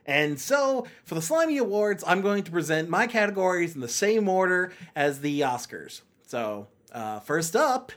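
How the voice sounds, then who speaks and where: Male podcast host, sarcastic ranting reviewer, rambles with many fillers, somewhat high pitch. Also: big pitch swings, normal speed, few pauses, fairly bright tone. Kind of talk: casual comedic review monologue.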